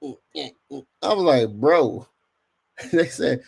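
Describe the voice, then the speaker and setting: A man's voice: medium pitch, moderate pace, gravelly, husky. A man hosting a casual podcast livestream, talking in slang and speaking straight to his chat. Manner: slangy, animated, addresses chat directly. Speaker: podcast host.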